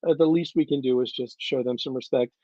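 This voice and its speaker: A man's voice: medium pitch, steady tone, brisk, dark tone, no room sound, highs cut off. A man organizing a reenactment event, briefing attendees in a casual livestream with an earnest, coaching manner, repeating key points and checking in with "okay?". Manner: earnest, repetitive, coaching tone with frequent "okay?" and "all right, guys".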